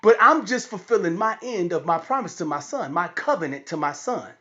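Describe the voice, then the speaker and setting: A man tells a comic story with a preacher's lively swing, his pitch rising and falling widely. The recording sounds dull and lo-fi. He leans hard into every line. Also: fairly quick. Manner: animated, preacher-like delivery. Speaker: comedian.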